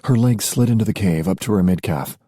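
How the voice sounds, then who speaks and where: A man narrating a romance audiobook in a measured storytelling voice. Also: fairly low pitch, warm tone, husky, dry recording, clean studio sound. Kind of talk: scripted narration.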